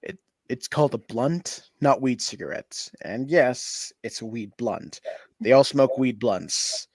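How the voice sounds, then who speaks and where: A man on a podcast reading online posts aloud in an over-the-top theatrical way, swinging between yelling and hushed narration. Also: medium pitch, expressive, a little slow, dry recording. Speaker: podcast co-host.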